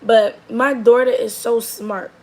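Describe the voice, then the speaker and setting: A young woman telling a funny story in a chatty, animated way with quick asides. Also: a little high, poor audio. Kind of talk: casual comedic storytelling.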